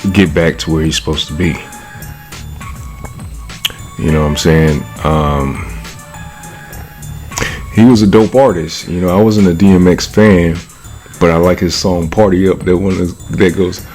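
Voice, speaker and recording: A vlogger from California speaks casually into the camera in a low, slightly mellow voice. His commentary monologue is slangy and profane, broken up by frequent laughter and the question "you know what I'm saying?"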